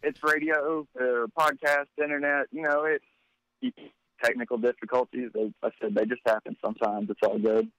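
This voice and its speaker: A man's voice: mid-range voice, level tone, moderate pace, a bit bright, dry recording, dull audio. Easygoing man. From North Carolina. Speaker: guest, cannabis advocacy director. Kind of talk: casual phone-in chat.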